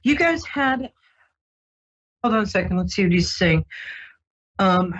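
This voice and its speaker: Husky lady psychic on the radio, soothing, lots of ums, dull muffled sound. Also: mid-range voice, animated, a little slow. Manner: gentle, reassuring, rambling with many ums. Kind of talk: casual radio psychic reading.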